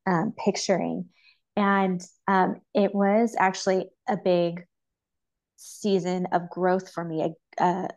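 A mother who is a podcast guest, sharing a personal faith story in an earnest, openly emotional way and laughing softly between thoughts. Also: fairly low pitch, flat delivery, takes it slowly. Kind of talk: personal faith testimony in casual chat.

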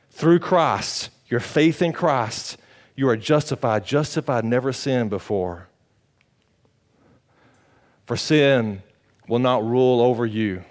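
A male pastor preaching a sermon, moving between loud, high-pitched exclamations and quiet, low appeals, with casual rhetorical questions to the congregation.

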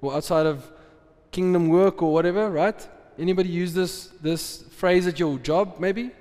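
A man preaching in a casual, chatty way, tossing questions at the congregation and laughing easily. His voice sits a little high for a man. A long reverb trails each phrase through the hall. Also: normal speed, darkish tone. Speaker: pastor. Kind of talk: sermon.

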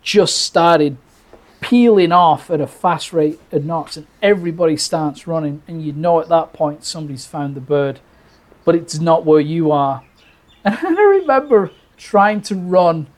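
A man's voice: fairly high pitch, a little slow. A man from Britain telling a birding story casually, full of restarts and acted-out quotes. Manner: animated, restarts often, acts out quoted lines.

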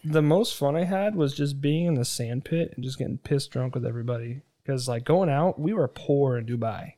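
A man's voice: mid-range voice, normal speed, mellow. A young man in his twenties telling rambling, profane stories in casual chat, acting out the people he quotes.

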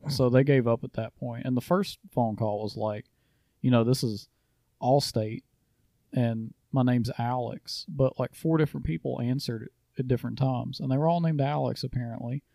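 A man's voice: mid-range voice, brisk, creaky, dark tone, no echo. A man co-hosting a podcast, telling stories in a dry, matter-of-fact way. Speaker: podcast co-host. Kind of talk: casual storytelling.

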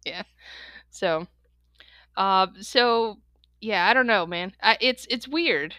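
A young adult woman co-hosting a podcast, telling stories in a quick, animated way and laughing often. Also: medium pitch, no room sound, studio quality. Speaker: podcast co-host. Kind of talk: casual chat.

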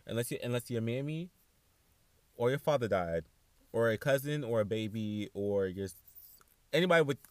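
A man's voice: medium pitch, no room sound. Chatty, sassy young man, dry close mic. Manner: chatty, animated, sassy asides. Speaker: podcast host. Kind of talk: casual solo podcast talk.

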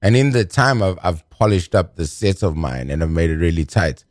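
A man with a South African accent talks as a guest in a relaxed podcast. His voice sits low, and he rambles with plenty of laughs and repeated words. The sound is dry and close. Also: moderate pace, no room sound. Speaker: comedian guest. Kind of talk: casual podcast chat.

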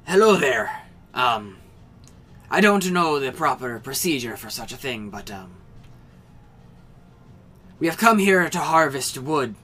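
A man's voice: mid-range voice, sing-song, slow pace, pauses often, pushed and bright, full character voice. A game master voicing a hesitant, polite adventurer who halts over his words. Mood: awkward. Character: awkward, polite young man adventurer.

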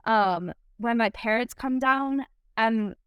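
A woman's voice: fairly high pitch, takes it slowly, a bit bright, smooth, dry recording. A young woman from Michigan with a Michigan accent, chatting casually as a podcast guest, upbeat and laughing often. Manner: upbeat, giggly, many likes. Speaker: guest athlete.

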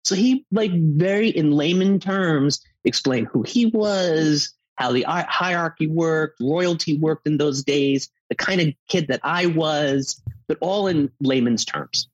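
A man in his fifties, an actor, chatting casually and telling animated stories. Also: a little high, unhurried, hardly any pauses, no room sound, lo-fi sound. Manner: animated storyteller, acts out quotes. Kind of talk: casual chat.

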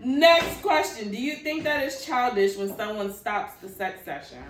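A woman co-hosting a casual podcast, asking the questions in an expressive, playful way. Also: medium pitch, far from the mic. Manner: expressive, quick to laugh, asks the questions. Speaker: podcast co-host. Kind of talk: casual chat. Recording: roomy, off-mic.

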